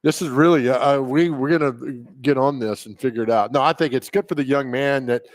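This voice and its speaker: A man's voice: mid-range voice, brisk, dry recording. A male co-host on sports radio who jokes around and reads listener texts in casual banter. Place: radio studio.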